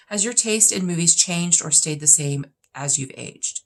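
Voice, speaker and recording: A woman's voice: lowish voice, animated, moderate pace, few pauses. A woman in her fifties, a vlogger chatting casually through a list of questions, blunt and opinionated with plenty of emphasis. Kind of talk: casual chat answering questions.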